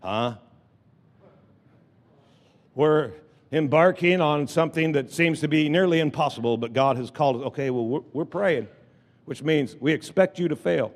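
A man's voice: fairly high pitch, moderate pace, pauses often, big-room sound. A man preaching a sermon from the pulpit, leading call-and-response with the congregation, repeating phrases and restarting sentences. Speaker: pastor. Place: church sanctuary with congregation.

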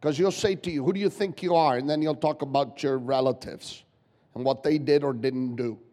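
A guest pastor preaching a sermon, emphatic and repetitive, firing rhetorical questions at the congregation. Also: male voice, mid-range voice, brisk, mellow. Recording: long church hall reverb.

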